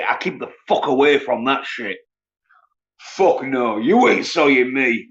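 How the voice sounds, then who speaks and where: A man, ranting scornfully and profanely on a casual livestream while reading viewers' comments. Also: medium pitch. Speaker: livestream host. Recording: dull lo-fi sound.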